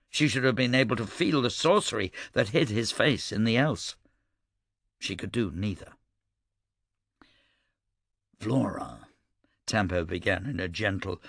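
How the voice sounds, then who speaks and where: Gravelly male audiobook narrator. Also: fairly low pitch, fairly bright tone, no echo, studio quality. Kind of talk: scripted narration.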